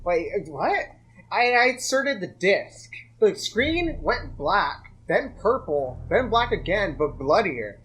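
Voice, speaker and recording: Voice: medium pitch, sing-song, slow pace, a bit bright, slightly rough. A host reading joke horror stories aloud and breaking off for casual, profane commentary, with frequent laughter. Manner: casual, swears a lot, laughs often.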